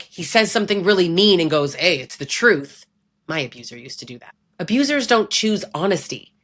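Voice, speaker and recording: A woman's voice: medium pitch, a bit bright. A woman giving blunt, emphatic advice straight to the listener, conversational and often checking in with "right?". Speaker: relationship abuse educator. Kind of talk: direct-to-camera advice talk.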